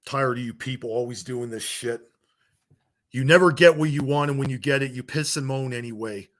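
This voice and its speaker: A man's voice: mid-range voice, normal speed, fairly bright tone. Heated man ranting bluntly. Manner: heated, blunt, swearing, scolding the audience. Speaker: wrestling commentary vlogger. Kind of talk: angry rant to camera.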